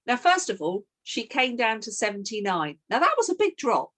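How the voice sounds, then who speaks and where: A woman's voice: a little high, very animated, moderate pace, hardly any pauses, a bit bright. A middle-aged woman leading a team coaching session, telling a sales story and acting out both sides of the call.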